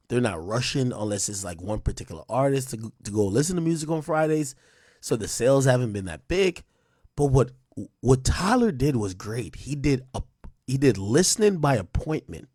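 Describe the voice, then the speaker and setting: Male stream host: husky, dry close sound, loose and profane, loud excited bursts. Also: medium pitch, dry recording. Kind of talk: casual live-stream chat reading donations.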